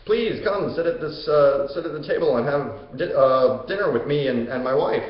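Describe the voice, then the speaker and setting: A man's voice: fairly high pitch, normal speed, natural voice. A sly, gloating male king of the underworld, as a man puts him on, lifting his voice with false welcome. The sound is very echoey. It is also dull and lo-fi. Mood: mock-welcoming. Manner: mock-welcoming, then gloating.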